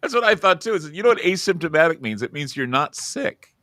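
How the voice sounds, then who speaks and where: A man hosting a talk show, chatting casually about politics in an animated way, his voice jumping up when he quotes people. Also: fairly quick, no echo, clean studio sound. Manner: animated, voice jumps high when quoting people. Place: Oregon studio.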